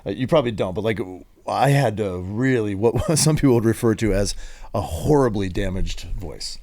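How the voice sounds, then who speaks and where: A man's voice: lowish voice, lively intonation, moderate pace, a little mellow, no echo, clean studio sound. A middle-aged man hosting a podcast, talking candidly in casual chat and swearing easily. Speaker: podcast host.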